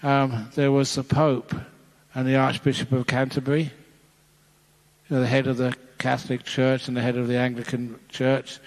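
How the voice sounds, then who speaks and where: Chuckling monk telling jokes in a hall. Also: male voice, medium pitch, level tone, normal speed. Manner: playful, chuckling storyteller. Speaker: Buddhist monk. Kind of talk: dharma talk with jokes. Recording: long hall reverb.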